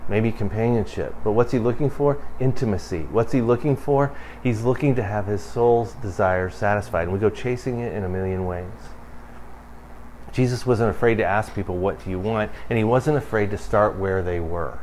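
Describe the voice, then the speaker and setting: Over slight background noise, a pastor preaches at normal speed in a conversational style. He builds up to emphatic bursts and then drops to a low, quiet voice.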